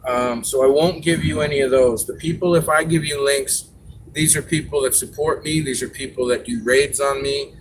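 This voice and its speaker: A man's voice: mid-range voice, steady tone, normal speed, background noise. A man hosting a live stream, chatting casually and giving advice, rambling a little with fillers.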